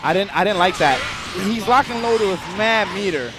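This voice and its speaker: Streamer commentator, male: high, very lively delivery, hype and slangy, curses freely, music underneath. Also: moderate pace. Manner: hype, slangy, swears, loud outbursts. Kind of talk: excited casual fighting-game commentary.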